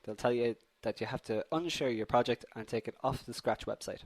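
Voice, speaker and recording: A man's voice: medium pitch, brisk. A young man hosting a live online coding tutorial, upbeat and chatty, addressing viewers as guys while a slight cold affects his voice.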